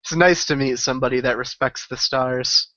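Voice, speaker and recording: A man's voice: mid-range voice, steady tone, moderate pace, sharp tone, no echo, muffled recording. Easygoing male tabletop player. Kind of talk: tabletop game play.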